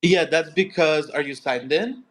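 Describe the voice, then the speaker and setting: A man leads a live coding lesson, explaining each step plainly. His voice sits a little high for a man. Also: a little slow, fairly bright tone. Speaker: coding instructor. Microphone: phone.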